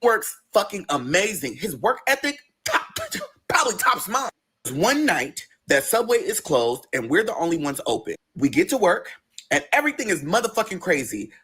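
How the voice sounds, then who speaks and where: Husky man telling a wild story. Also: high-pitched, moderate pace. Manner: animated, profane, dramatic. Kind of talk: storytime vlog.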